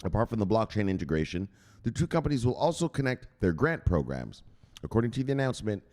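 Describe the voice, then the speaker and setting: A man's voice: lowish voice, a little mellow. A man presenting crypto news, reading an article aloud and breaking off into casual, chatty asides to his viewers. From United States. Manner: chatty, digressive, asks viewers to google things.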